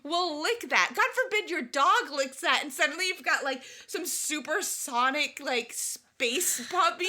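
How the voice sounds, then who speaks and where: A woman's voice: very high voice, measured pace, pushed and bright. A woman co-hosting a podcast in casual book-and-film chat, giggly and often breaking into fits of laughter. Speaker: podcast co-host.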